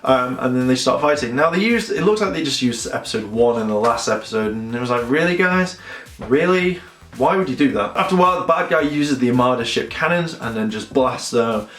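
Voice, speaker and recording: A man's voice: mid-range voice, lively intonation, quick pace, hardly any pauses, fairly bright tone. A man giving a casual, rambling episode review, correcting himself often and acting out characters' lines. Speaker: show reviewer. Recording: echoey room.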